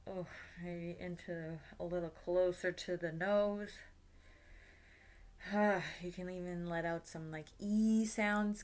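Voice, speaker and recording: A woman acting coach guiding a vocal warm-up in a relaxed, encouraging way, with light laughs and sighs. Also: fairly low pitch.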